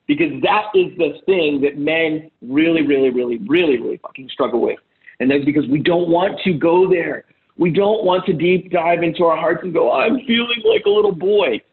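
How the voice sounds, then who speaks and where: A man's voice: on the high side, normal speed. A man coaching on relationships over a video call, blunt and profane, often acting out the voices he quotes. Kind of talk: casual advice talk on a call. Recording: tinny phone-like call audio.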